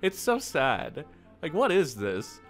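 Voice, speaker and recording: A man's voice: fairly high pitch, wildly swooping pitch, slow pace, fairly bright tone. Guy ranting and laughing at posts online, cussing a lot, voice jumps all over, faint music under it. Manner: mocking, swears often, breaks into laughter. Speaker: YouTube commentator. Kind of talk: profane reaction commentary.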